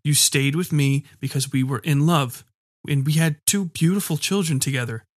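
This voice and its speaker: A man's voice: fairly high pitch, moderate pace, no echo, clean studio sound, natural voice. A man voicing a controlling, menacing husband who speaks in a demanding way. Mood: insistent. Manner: demanding, then eerily calm.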